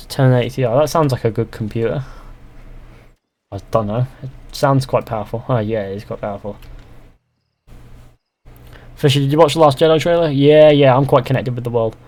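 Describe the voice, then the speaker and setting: Medium in pitch and darkish in tone, this young man's voice carries a casual live-stream chat as he plays a game. He reads out viewer comments and responds with dry sarcasm.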